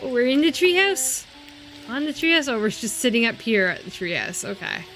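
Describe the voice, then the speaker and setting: A woman's voice: a little high, sing-song, brisk, a bit bright, soft background music, poor audio. Giggly, sleepy woman streamer. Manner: giggly, chatty, self-mocking about being tired. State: sleepy, yawning. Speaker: streamer playing a life-simulation game. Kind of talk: casual gameplay commentary.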